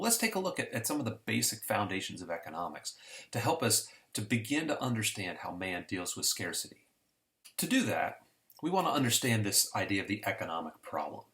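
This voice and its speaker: Animated, chatty male economics teacher. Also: fairly low pitch. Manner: conversational storytelling, homespun examples. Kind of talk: casual recorded lesson.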